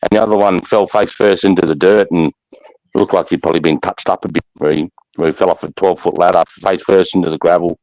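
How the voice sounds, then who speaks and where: A middle-aged Australian man, a former soldier, telling war stories in casual, rough-spoken chat, swearing freely and trailing off into fillers. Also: low voice, fairly even intonation, fast, darkish tone, dry recording, highs cut off. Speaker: army veteran guest.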